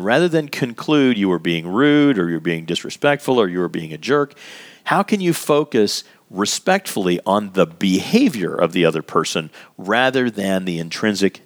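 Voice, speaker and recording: Guy teaching a class, really animated pitch, drags out words to make a point, chatty. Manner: animated and emphatic, stretching key words. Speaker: workplace communication instructor. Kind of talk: instructional talk.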